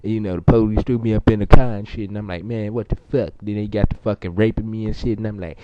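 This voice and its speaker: A man's voice: on the low side, fairly even intonation, fast, very noisy, close to an everyday voice. A man playing a crude rambling braggart. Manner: rambling, profane and stumbling, with many fillers. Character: crude, boastful, foul-mouthed young man. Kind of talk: crude improvised comedy monologue. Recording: muffled lo-fi amateur recording.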